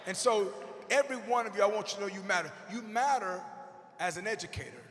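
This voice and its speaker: A man in his forties giving an animated, comedic motivational speech to teachers, shouting punchlines and acting out characters. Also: high voice, quick pace, slight background noise. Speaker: motivational speaker. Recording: long echo of a big hall.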